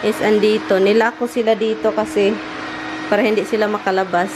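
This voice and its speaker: A woman's voice: mid-range voice, little pitch movement, fast, noisy background. A Filipino-accented woman chatting casually in a home vlog, mixing languages as she talks through her chores. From Philippines. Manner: mixes Tagalog and English, chatty, baby-talks to pets. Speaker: vlogger. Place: home, indoors.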